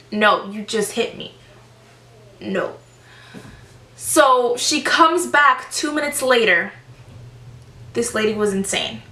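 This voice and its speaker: A woman in her twenties telling retail stories in a chatty, animated storytime vlog. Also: sits high. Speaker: vlogger. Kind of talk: casual storytime. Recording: echoey room, distant mic.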